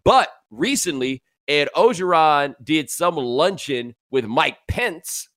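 A man hosting a podcast, telling stories and chatting about sports in a lively, casual way. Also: a little high, takes it slowly, no room sound. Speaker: podcast host.

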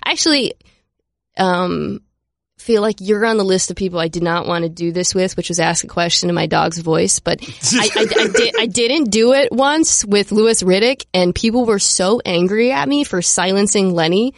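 A man hosting a sports podcast in casual chat, joking and laughing often with quick asides. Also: high voice, gravelly, dry recording, studio quality. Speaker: podcast host.

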